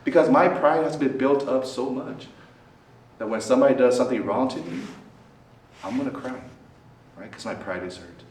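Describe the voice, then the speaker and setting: Talking a little fast, a priest addresses a student group, peppering them with questions and the tag "right?" His voice swings dramatically in pitch and loudness for emphasis. It's recorded from a distance in a student center meeting hall, with echo and faint background noise.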